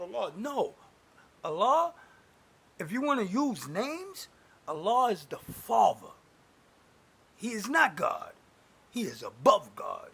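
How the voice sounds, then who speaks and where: A man with a husky, high-pitched voice rants at the camera like a street preacher. His pitch leaps and dives wildly as he swings from booming declarations to low mutters. He curses freely and sounds heated throughout. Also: fairly bright tone. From United States. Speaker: self-styled prophet posting online videos. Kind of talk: angry religious rant to camera.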